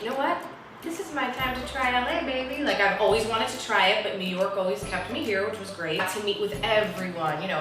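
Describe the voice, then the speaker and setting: A woman from New Jersey, an actress telling a story to an interviewer in a lively manner, acting out the voices of the people she quotes. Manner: lively, acts out quotes with big pitch swings. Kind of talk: animated storytelling in a conversation. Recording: echoey room heard from a distance, faint music.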